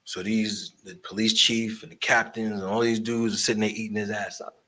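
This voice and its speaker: A man telling animated stories about promoting shows, swearing freely and acting out the voices of the people in them. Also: lowish voice, brisk. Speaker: guest storyteller, concert promoter and barber. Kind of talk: casual storytelling interview.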